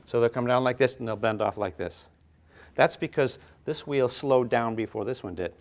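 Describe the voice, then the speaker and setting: An older man teaching a physics class, lively and playful, with sound effects and acted asides. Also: mid-range voice, normal speed. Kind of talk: classroom lecture at a whiteboard.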